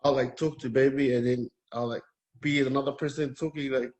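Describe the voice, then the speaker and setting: A Polynesian man talking candidly as a guest, in a hesitant, halting, soft-spoken way. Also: medium pitch, fairly even intonation. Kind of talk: candid personal conversation.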